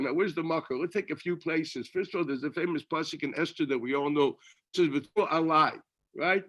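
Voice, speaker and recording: A rabbi teaches a Torah class in a fairly high, bright voice. He keeps it conversational, putting questions to himself and answering them. His talk mixes in Hebrew and Yiddish terms. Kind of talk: Torah lecture.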